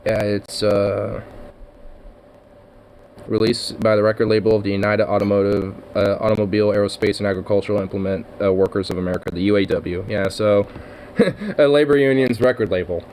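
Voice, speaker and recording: Low-voiced man rambling casually, cursing. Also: steady tone, brisk, a little mellow, a little hiss or hum. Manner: rambling, profane, with laughs and many fillers. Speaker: vlogger. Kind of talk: casual rambling vlog chat.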